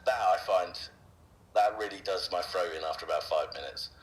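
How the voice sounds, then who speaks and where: A voice actor being interviewed, a man talking casually and haltingly, with frequent fillers and restarts. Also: low-pitched, rough recording. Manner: hesitant, many fillers and restarts.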